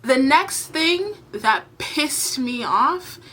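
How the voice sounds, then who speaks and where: A woman's voice: sits high, expressive, extremely slow, sharp tone, a little hiss or hum. A woman giving opinionated commentary to her camera, blunt and exasperated, swearing freely. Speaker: commentary vlogger. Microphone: camera mic.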